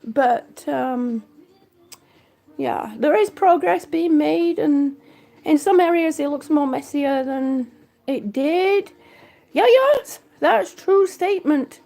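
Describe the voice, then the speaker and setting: A woman's voice: high voice, slow pace, gravelly, mellow. A woman chatting casually on a live-stream vlog from her home, thanking viewers by name. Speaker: vlogger. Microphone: phone or camera held by hand.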